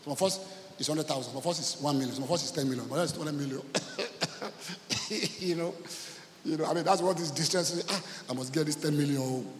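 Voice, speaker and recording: A man's voice: a little high, rapid-fire, slight background noise. A man with a Nigerian accent preaching a sermon as pastor, leading the congregation in rhythmic call-and-response with emphatic repetition. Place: church hall. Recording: echoey hall with long reverb.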